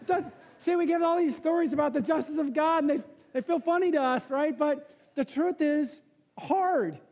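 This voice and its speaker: A man preaching a sermon as pastor, telling a joke story and then dropping to a hushed, earnest tone. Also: very high voice, brisk, creaky. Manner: storytelling with jokes, swings from loud to hushed.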